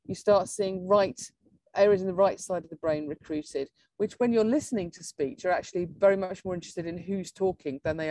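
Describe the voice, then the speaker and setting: A woman's voice: fairly low pitch, mellow, no room sound. A woman giving an academic conference talk on neuroscience. She explains with enthusiasm, laughing now and then and restarting her sentences. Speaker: neuroscience lecturer.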